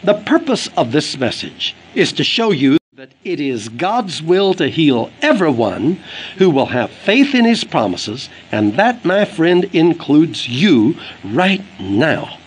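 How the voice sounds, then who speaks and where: A man's voice: a little high, very animated, slow, slightly rough, low-quality recording. A man delivering an earnest, emphatic sermon for an audio book, quoting scripture as he preaches. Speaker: evangelist preacher.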